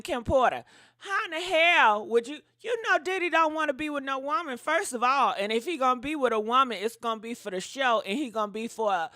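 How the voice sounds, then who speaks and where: A woman's voice: high-pitched, bright, forceful tone, dry recording, clean studio sound. A woman hosting a gossip talk show, speaking in with a brash, profane, sassy manner and frequent laughter.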